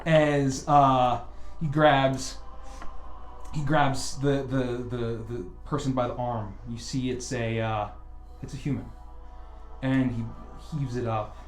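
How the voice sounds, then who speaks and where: A man runs a tabletop game as game master, telling the scene slowly and stopping often on fillers. His voice sits in the middle range. It is heard in a roomy space with faint music behind. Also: medium pitch, steady tone. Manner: slow, hesitant narration with many fillers.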